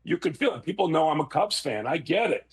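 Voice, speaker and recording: Middle-aged man, expressive, swinging pitch, slightly high voice. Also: quick pace, husky. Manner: emotional, expressive, tearful at times. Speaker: guest. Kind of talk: casual chat.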